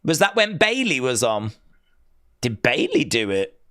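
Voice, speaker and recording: A man's voice: medium pitch, wildly swooping pitch, unhurried, a bit bright. A man streaming a watch-along, chatting casually and sarcastically while reading chat aloud. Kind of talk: casual live reaction chat.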